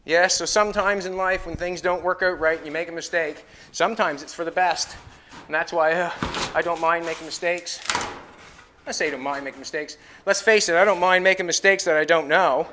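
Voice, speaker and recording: A middle-aged man talks through his car build in a garage workshop, thinking aloud and wandering off topic as he works. His voice is bright and fairly high for a man, and faint shop noise sits behind him. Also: steady tone, a little fast. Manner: rambling, thinks aloud, talks to the camera while fabricating. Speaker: car builder and show host. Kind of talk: casual shop talk while working.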